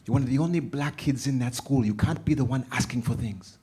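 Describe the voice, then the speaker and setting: A worried mother scolds her son in a high, insistent voice, as a man puts her on. She is loud and pressing, protective and exasperated all at once. The sound carries like speech on a live theater stage. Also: fairly quick, slightly rough, full character voice. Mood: scolding. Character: worried caring mother, middle-aged woman.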